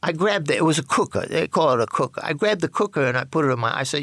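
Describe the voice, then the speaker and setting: A man with a gravelly, creaky voice tells his story bluntly and profanely. He jumps into the voices of the people he quotes, and the sound is dry and close. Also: a little high, expressive, racing, hardly any pauses, a bit bright, no room sound. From New York. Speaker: storyteller recounting his past. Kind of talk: candid spoken memoir.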